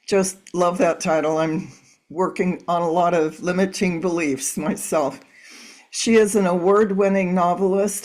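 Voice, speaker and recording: Lower-voiced woman interview host. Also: darkish tone. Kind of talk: interview hosting.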